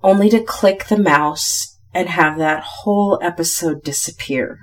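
A woman's voice: fairly low pitch, unhurried. A woman hosting a solo podcast, talking candidly and thinking aloud to her listeners. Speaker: podcast host.

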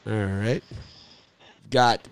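A man's voice: on the low side, steady tone, very slow, clear, resonant tone. A man hosting a casual sports betting chat, joking and laughing often. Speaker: host of a sports betting show.

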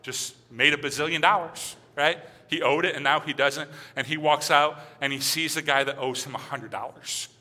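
A middle-aged man preaching a sermon as pastor, talking in a conversational, animated way and acting out the voices he quotes. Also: fairly high pitch. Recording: long hall reverb.

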